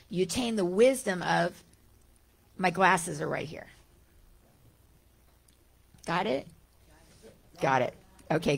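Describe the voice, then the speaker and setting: Slow, gravelly-voiced woman teacher. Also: mid-range voice. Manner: gentle, conversational, with frequent restarts and rhetorical questions. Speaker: spiritual teacher. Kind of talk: talk on Vedanta teaching.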